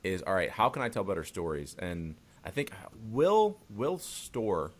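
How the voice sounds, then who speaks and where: A man's voice: low-pitched, lively intonation, brisk, a bit bright. A man hosting a podcast, talking casually and loosely, swearing now and then and laughing easily. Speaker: podcast host. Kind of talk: casual interview chat.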